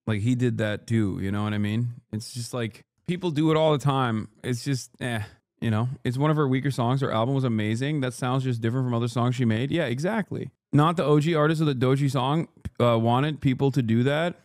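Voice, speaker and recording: A man's voice: medium pitch, fairly quick, darkish tone, no echo. Brief: male streamer, loose profane commentary, fillers everywhere, dead-dry sound. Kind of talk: casual reaction commentary.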